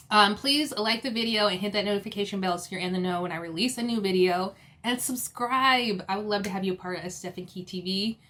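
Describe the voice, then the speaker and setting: A woman vlogger giving an animated, exasperated review of a reality TV episode, quoting people in mock voices. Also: medium pitch. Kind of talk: casual opinionated review.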